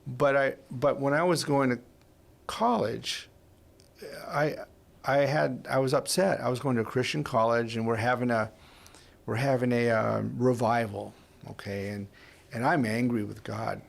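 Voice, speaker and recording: A man in his sixties hosts a faith podcast and tells a personal story in a conversational interview, rambling, heartfelt and often restarting. His medium-pitched voice is steady, creaky and unhurried.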